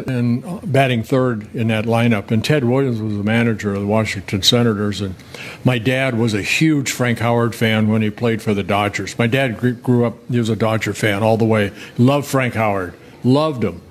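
An older man spinning loose, folksy stories in a relaxed interview, stopping and restarting as he goes. A faint noise sits under the voice. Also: medium pitch, moderate pace. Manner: rambling, folksy, with many restarts and fillers. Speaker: guest, former pitcher.

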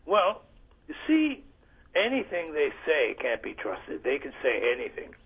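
A man's voice: on the high side, wildly swooping pitch, a little slow, breathy edge. A man calling into a radio show, blunt and cynical, over a tinny phone line. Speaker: caller. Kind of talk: phone-in chat.

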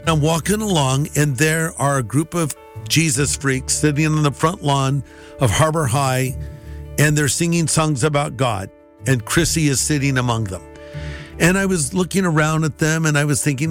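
Slightly high-voiced man telling a testimony. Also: moderate pace, faint music behind. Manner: animated, acting out dialogue. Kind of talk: personal testimony storytelling.

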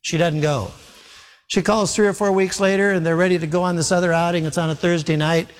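A male pastor delivers an earnest, exhorting sermon in a fairly high voice. Long reverb from a big church hall trails after his words. He acts out the dialogue as he tells stories. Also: fairly even intonation, fairly quick. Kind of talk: sermon with storytelling.

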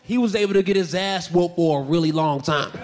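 A young man doing a stand-up set, swinging between shouty punchlines and low, muttered asides. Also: a little fast, very noisy. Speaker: stand-up comedian. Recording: live club recording with long reverb.

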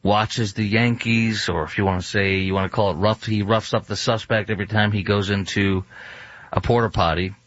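A man's voice: fairly low pitch, fairly even intonation, normal speed, a bit bright, dry recording. A male talk show host ranting in an indignant, opinionated monologue with many fillers and restarts. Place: studio in Dallas. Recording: dull, dry studio recording.

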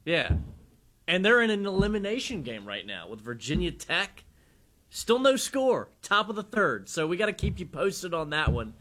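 A man's voice: high voice, big pitch swings, moderate pace, fairly bright tone. Upbeat male sports radio co-host. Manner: upbeat, emphatic, play-by-play updates. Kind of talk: casual sports talk radio.

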